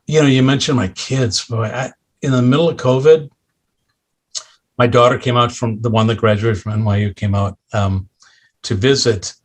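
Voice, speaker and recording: A middle-aged man, a podcast guest, candidly telling stories about his own life with self-deprecating humor and animated delivery. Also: medium pitch, moderate pace. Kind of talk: candid interview storytelling.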